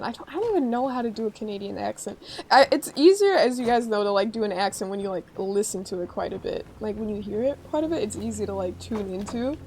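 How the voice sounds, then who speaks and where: A woman's voice: a little high, darkish tone, slight background noise, rough recording. A woman from Chicago with a Chicago accent, chatting and giggling while she streams a game. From Chicago area, USA. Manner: chatty, giggly, rambling with many fillers. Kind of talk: casual chat while playing a game.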